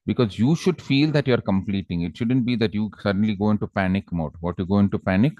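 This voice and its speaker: A male teacher with an Indian English accent gives exam advice to students in a calm, coaxing way and acts out the characters in his stories. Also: lowish voice, fast talker, dry recording, dull audio. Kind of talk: exam-prep lecture with storytelling.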